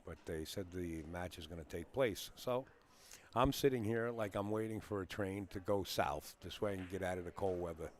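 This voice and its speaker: A man's voice: low-pitched, moderate pace. A man hosting a casual live stream from a pool hall, rambling and greeting viewers by name.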